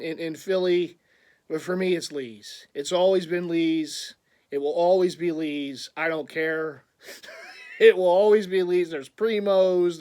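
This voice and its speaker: Excitable high-voiced man. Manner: rambling and excitable, laughs often. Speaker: vlogger. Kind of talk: casual vlog chat.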